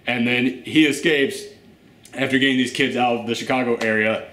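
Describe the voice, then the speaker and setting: A man hosting a casual movie rant, animated and exasperated, swearing and laughing often. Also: mid-range voice, normal speed. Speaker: host. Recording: roomy echo.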